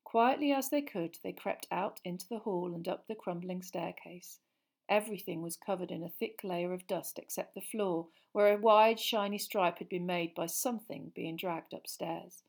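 A woman narrating a story in an audiobook reading, dramatic and expressive, with tense parts dropping to a hushed voice. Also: on the low side, moderate pace, vocal fry.

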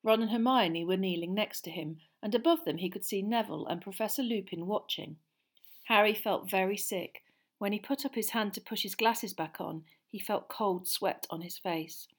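A woman reads a story aloud as audiobook narration. Her delivery is expressive and dramatic, with a voice of middling pitch for a woman. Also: normal speed. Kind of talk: scripted narration.

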